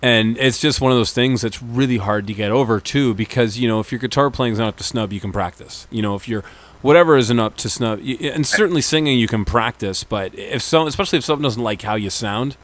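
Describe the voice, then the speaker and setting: A relaxed man hosts the interview and chats easily with his guest. His voice sits at an ordinary middle pitch. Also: a little fast. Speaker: radio interviewer. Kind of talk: casual interview chat.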